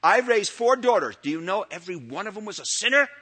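Emphatic older male pastor, bright voice. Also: very animated, quick pace, breathy edge. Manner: swings from loud emphatic peaks to low quiet asides. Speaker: pastor teaching elders. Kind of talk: sermon lecture.

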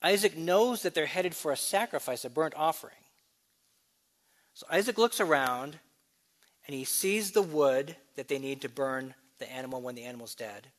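A man preaching a sermon, explaining scripture with quick asides and slow, emphatic readings. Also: fairly high pitch, expressive, fairly bright tone. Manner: expository teaching, shifts between brisk asides and slow emphatic reading.

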